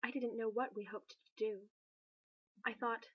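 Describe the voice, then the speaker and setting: A woman reading a novel aloud in a steady, measured narration. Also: a little high, slightly rough, no room sound, highs cut off. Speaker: reader.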